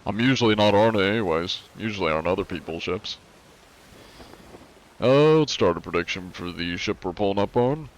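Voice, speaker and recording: Congested, low-voiced male streamer. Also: lively intonation, moderate pace. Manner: loose and chatty, swears freely. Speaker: live streamer. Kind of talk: casual gaming livestream chat.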